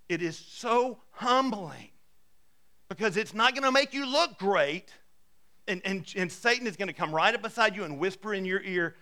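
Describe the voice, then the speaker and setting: A man preaching a sermon as pastor, telling stories in a conversational, animated way with frequent restarts. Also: high-pitched, normal speed.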